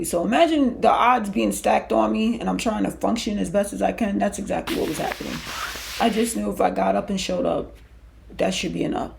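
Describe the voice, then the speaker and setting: A podcast host with a medium-pitched, gravelly voice candidly and emotionally tells her personal faith story, conversational and loose with restarts. A little hiss or hum sits in the audio.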